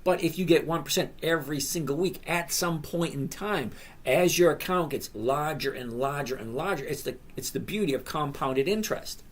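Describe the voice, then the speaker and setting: A man's voice: on the high side, moderate pace. A man in his sixties hosting a casual live stream, reading viewer questions aloud and answering each by name in a rambling, chatty way. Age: 60s.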